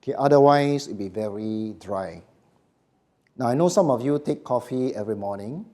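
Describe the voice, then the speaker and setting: A middle-aged man leads a live voice workshop. His warm, mellow voice rises and falls a lot. He speaks in short, emphatic phrases and keeps asking his audience questions. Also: medium pitch, expressive, normal speed. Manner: emphatic, often asks "Okay?" and "Why?", short phrases. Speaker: voice coach giving a workshop. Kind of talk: live seminar lecture.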